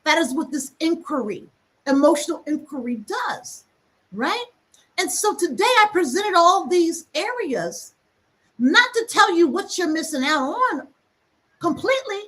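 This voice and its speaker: A woman hosting a reflective teaching talk, speaking emphatically and acting out quick asides. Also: very high voice, very animated, sharp tone. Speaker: host.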